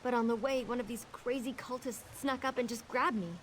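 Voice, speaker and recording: A woman's voice: on the high side, fairly even intonation, fairly quick, slight background noise, lightly acted. An actress playing a frightened young woman servant held captive in a video game, urgent and pleading.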